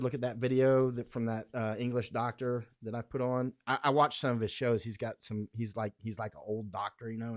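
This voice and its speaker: A man's voice: mid-range voice, no echo, studio quality. An American man hosting a casual livestream, rambling in a folksy way, often laughing between thoughts. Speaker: livestream host.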